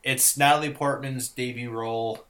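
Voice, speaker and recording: A man's voice: mid-range voice, fairly even intonation, normal speed, a loud crowd. A young man co-hosting a casual chat, rambling with lots of fillers and restarts. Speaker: podcast co-host.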